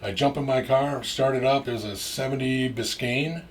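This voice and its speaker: A middle-aged man from Minnesota, a guest storyteller, spins a long casual anecdote that rambles, with plenty of fillers and restarts plus some cursing. His voice is medium-pitched at a normal speed, heard through a distant mic with faint noise.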